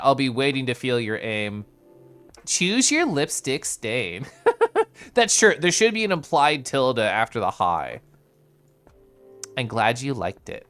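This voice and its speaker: A man streaming a casual chat with viewers, with playful sing-song intonation and drawn-out syllables, sometimes sinking into soft, quiet murmurs. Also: medium pitch. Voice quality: comfy, distinctive voice. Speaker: livestreamer.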